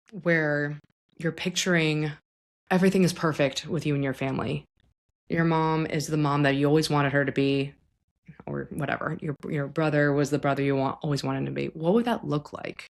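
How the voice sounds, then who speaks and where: A woman therapist hosting a podcast, talking gently and reflectively about family and healing, sometimes acting out what clients and their parents might say. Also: low-pitched. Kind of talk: conversational psychology talk.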